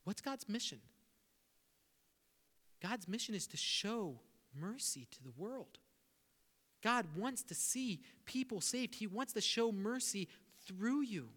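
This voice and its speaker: Pastor, male, high bright voice, animated sermon delivery, reverberant church hall. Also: takes it slowly, long pauses. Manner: animated preaching, acts out prayers to God.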